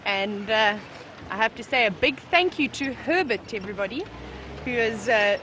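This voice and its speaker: A woman guiding a live safari drive from a vehicle, bubbly and excited. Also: fairly high pitch, normal speed, a little hiss or hum. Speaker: safari guide and presenter. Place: open safari vehicle outdoors.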